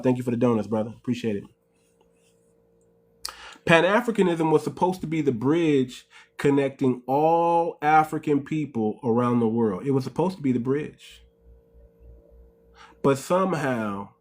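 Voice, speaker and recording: A man's voice: mid-range voice, darkish tone. A man hosting a casual livestream, preaching to viewers, calling them "family" and asking rhetorical questions. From United States. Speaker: livestream host.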